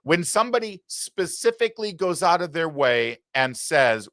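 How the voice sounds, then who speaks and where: A man hosting a political commentary show speaks in a sarcastic, mocking way. His fairly high voice swings widely in pitch at a moderate pace, with hardly any pauses and a slightly bright tone. The clean studio sound carries no room sound.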